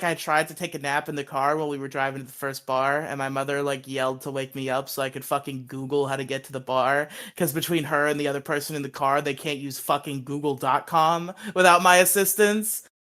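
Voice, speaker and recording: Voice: medium pitch, a bit bright. Young co-host telling a rambling story. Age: under 21. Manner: rambling, swears freely, laughs often. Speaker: podcast co-host. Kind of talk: casual storytelling chat.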